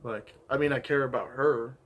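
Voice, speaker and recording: Dry deadpan guy vlogging w his partner, mid pitch, lots of "like", faint noise. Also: moderate pace. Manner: dry, direct, lots of filler "like". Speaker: co-host, partner. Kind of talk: casual couple chat to camera.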